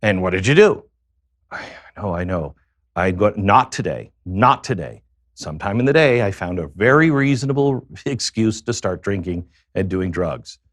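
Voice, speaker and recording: A man being interviewed as a guest, telling a confessional personal story in a halting way, with many pauses and fillers. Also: fairly low pitch, animated, no room sound, studio quality.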